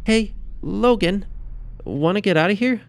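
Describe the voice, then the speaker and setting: A man's voice: expressive, unhurried, creaky, exaggerated voice. A man doing a concerned young woman. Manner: raised, higher voice.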